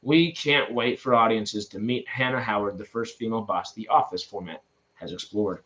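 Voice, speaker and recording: A man's voice: on the low side, normal speed, fairly bright tone, dull audio. A man in his twenties hosting film news, reading items and then chatting about them with loose asides and restarts. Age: 20s. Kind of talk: casual news commentary.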